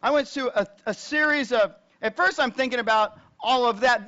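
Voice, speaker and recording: A male pastor with a notably high voice delivers a sermon as a story told to his congregation. He talks plainly and conversationally, then climbs higher and louder in the tense parts. The recording sounds dull and lo-fi. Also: normal speed. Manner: conversational, rising loud and high when retelling tense moments.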